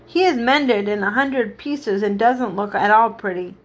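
A woman's voice: a little slow, lightly acted. A woman voicing a tiny china princess who is frightened and prim, in a storybook reading. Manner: high and frightened.

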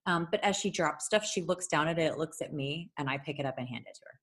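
A woman telling a long story in casual chat, animated, swearing freely and laughing often. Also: low-pitched, fast talker, a loud crowd.

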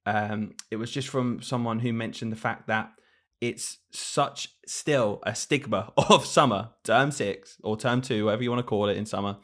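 A man's voice: on the low side, moderate pace, few pauses, a bit bright. A man, co-hosting a podcast as a teacher, telling classroom stories in a casual chat and laughing often. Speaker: podcast co-host, primary school teacher.

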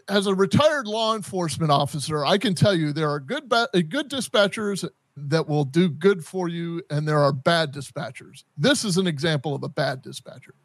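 A man hosting a podcast in casual chat, animated and halting, full of restarts and stammered words. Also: on the high side, no room sound. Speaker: podcast host.

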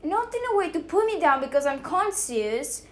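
A woman hosting her own podcast from her kitchen at home, talking in a rambling, halting way with many restarts, and emotional. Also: very high voice, sing-song, fairly bright tone. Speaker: podcast host. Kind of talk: casual solo podcast talk.

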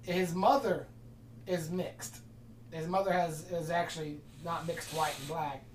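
A podcast host telling a long story in casual chat, rambling and animated, acting out the quoted dialogue. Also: medium pitch, a little slow, a little hiss or hum. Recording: distant mic in an echoey room.

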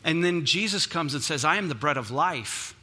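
A man's voice: fairly high pitch, expressive, normal speed, sharp tone. A man preaching a sermon as a pastor, conversational and emphatic, often repeating words for stress.

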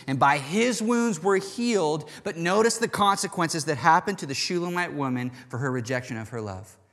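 A man preaching a sermon with a stuffy nose, swinging between loud urgency and soft, intimate pleading. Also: medium pitch, in a large hall.

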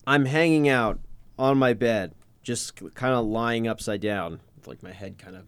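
A young man in casual chat, telling a story with wry, deadpan asides. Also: mid-range voice, normal speed, clean tone, no room sound.

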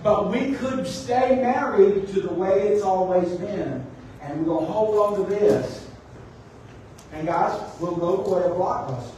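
A man preaching a sermon, animated and joking with his congregation. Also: sits high, a little hiss or hum. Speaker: pastor. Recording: echoey room, distant mic.

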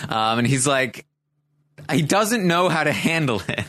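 Animated man recapping in casual chat. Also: medium pitch, unhurried. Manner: animated storytelling with many fillers and restarts. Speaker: podcast host.

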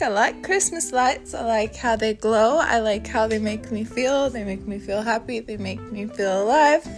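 A woman in her thirties hosting a casual podcast from her bedroom, talking in a chatty, candid way and swearing freely. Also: a little high. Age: 30s. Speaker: podcast host. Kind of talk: casual chat.

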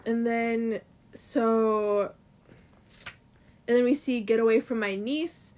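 A woman's voice: on the high side, slow, darkish tone. A woman in casual chat, retelling a comic's story in a loose, filler-heavy way full of "like" and "um".

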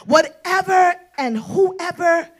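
A woman preaching a prophetic sermon, shouting and sing-songing her lines with "uh" between phrases and calling her listeners "sis" and "girl". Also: extremely high pitch, expressive, takes it slowly. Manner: shouting, sing-song preaching with breathy "uh" fillers; exhorting women as "sis" and "girl".

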